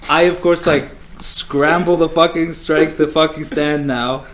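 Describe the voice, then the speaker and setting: A man's voice: fairly high pitch, steady tone, a little slow, a little hiss or hum. A young man casually telling a funny story on a podcast, swearing and laughing as he goes. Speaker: podcast co-host.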